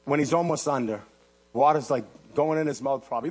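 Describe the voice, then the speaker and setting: A man preaching a sermon, swinging between loud exhortation and low hushed asides. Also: quick pace, husky, faint music behind. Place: church platform.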